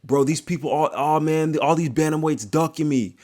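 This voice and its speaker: A man's voice: fairly high pitch, normal speed, a little mellow, pitched above the performer's own voice, lightly acted. A man voicing a boastful young male fighter who complains brashly that nobody will fight him.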